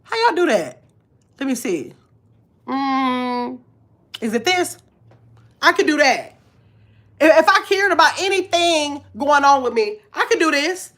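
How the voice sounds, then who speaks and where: A woman's voice: high-pitched, sing-song, moderate pace, fairly bright tone. A woman in her fifties with a nasal voice, talking bluntly to her viewers in a casual live stream and reading their comments aloud. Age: 50s. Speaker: vlogger.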